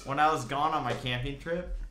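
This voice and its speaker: A man's voice: mid-range voice, a little fast, pushed and bright, slight background noise. A young man chatting casually as a podcast co-host, telling rambling stories with fillers and frequent laughs. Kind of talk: casual chat. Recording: roomy echo.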